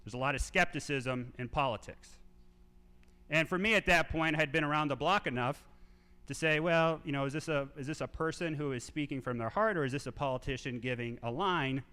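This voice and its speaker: A man in his thirties telling animated stories to a live audience from a theater stage, acting out voices. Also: on the high side, fairly quick, clear, resonant tone. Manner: animated anecdotes, acts out quoted voices. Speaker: speaker at a civic event. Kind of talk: storytelling talk to a live audience. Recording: reverberant theater sound.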